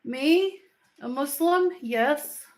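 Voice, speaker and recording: A high-sitting, expressive voice with drawn-out words belongs to an Australian woman hosting a casual livestream from home. She chats playfully in slang with viewers while moving into the kitchen, captured in a roomy home recording.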